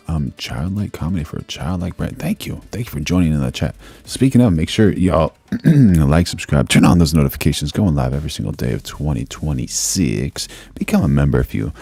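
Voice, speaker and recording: Very deep gravelly man streaming casually. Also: a little mellow. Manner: laid-back, rambling, slangy. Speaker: live reaction streamer. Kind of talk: casual live-stream commentary.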